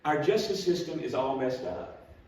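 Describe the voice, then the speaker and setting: A man with a drawl teaches a Bible class in a plainspoken, folksy way, quick to poke fun at himself. His voice comes from well off the mic and rings around a very echoey church room. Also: fairly high pitch, a little mellow, recorded from a distance. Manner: folksy, plainspoken, self-deprecating. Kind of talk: storytelling Bible class lesson.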